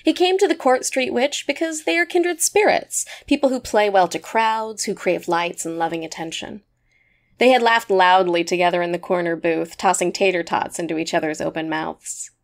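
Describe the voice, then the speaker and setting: A woman's voice: on the low side, moderate pace. Woman reading a story aloud. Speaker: narrator. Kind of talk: scripted story narration.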